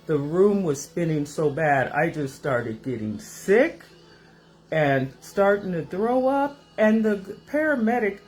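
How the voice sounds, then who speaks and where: A woman host telling a rambling personal story to her viewers in a casual, animated way, recorded in her home kitchen. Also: on the low side, slow, faint music behind. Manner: animated, rambling, acts out voices in her stories.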